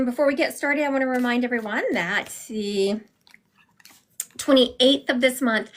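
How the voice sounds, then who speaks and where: A middle-aged psychic medium rambles chattily on a livestream from her home, carrying her phone around as she talks. Her voice is fairly high-pitched and a bit bright.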